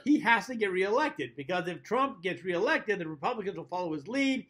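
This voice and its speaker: A man hosting a comedy show, delivering a chatty scripted monologue, chuckling at his own jokes and pausing to toast his drink. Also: sits high, sing-song, fairly bright tone.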